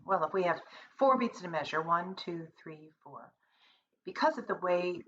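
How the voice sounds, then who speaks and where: A woman's voice: lowish voice, fairly bright tone. A woman music teacher giving a lesson, counting beats and singing rhythms aloud and correcting herself as she goes. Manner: self-correcting, plain-spoken. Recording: dull lo-fi recording, faint hiss.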